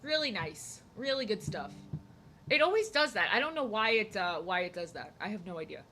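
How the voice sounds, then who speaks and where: A woman's voice: mid-range voice, lively intonation, normal speed, sharp tone, slight background noise. A young woman art streamer chatting casually while she draws, rambling and self-deprecating with lots of fillers and restarts.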